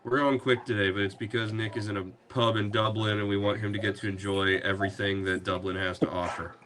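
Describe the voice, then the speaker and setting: Male host, low voice, casual sports chat, rambling, filler-heavy. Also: flat delivery, a little fast, fairly bright tone, a little hiss or hum. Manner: rambling, with many fillers and restarts. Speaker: podcast host.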